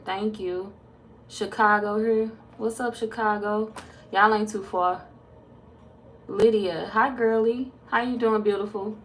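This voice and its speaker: A woman's voice: fairly low pitch, fairly bright tone, slight background noise. A woman tarot reader chatting casually on a live stream, greeting viewers by name and swearing freely.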